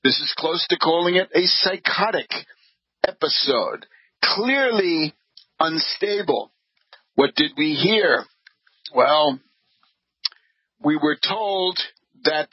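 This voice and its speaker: A man hosting a radio show, delivering a deliberate, scornful political commentary monologue. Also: on the high side, animated, husky, no echo. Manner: deliberate, scornful, measured delivery with frequent pauses. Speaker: radio host. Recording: dull lo-fi radio audio.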